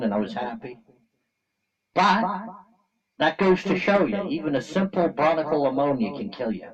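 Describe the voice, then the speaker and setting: A man's voice: mid-range voice, recorded from a distance, lo-fi sound. A man from Canada giving a blunt, angry opinion rant to camera, talking in a colloquial, repetitive way. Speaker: vlogger.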